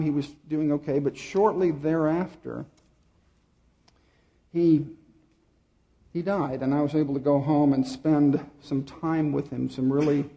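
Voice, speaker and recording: A middle-aged man preaching a sermon, telling a personal story with pauses and repeated words. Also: on the high side, creaky, muffled recording. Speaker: pastor.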